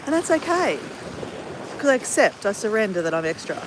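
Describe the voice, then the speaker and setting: A woman's voice: mid-range voice, big pitch swings, a little fast, noisy background. A woman from Australia with an Australian accent, chatting casually and upbeat on a live stream from a beach, greeting viewers by name. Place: outdoors at a beach at sunrise.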